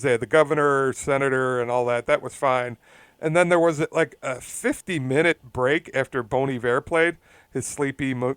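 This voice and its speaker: A man's voice: mid-range voice, fairly bright tone, clear, resonant tone, no echo. A man co-hosting a casual chat show, telling a rambling story with frequent chuckles. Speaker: podcast co-host.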